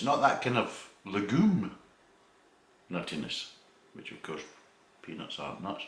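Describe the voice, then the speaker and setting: A man's voice: medium pitch, sing-song, measured pace, long pauses, fairly bright tone, slight background noise. A man chatting through a casual beer tasting review, rambling and swearing freely. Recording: echoey room.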